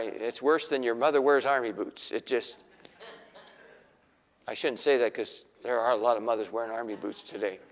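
A man's voice: mid-range voice, big-room sound. A man preaching a sermon in a folksy storytelling way, acting out the voices of the people in his stories.

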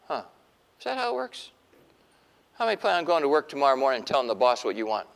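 A middle-aged man preaching a sermon in an animated way, acting out the voices he quotes. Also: high voice, brisk, gravelly, long pauses, big-room sound. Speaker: pastor.

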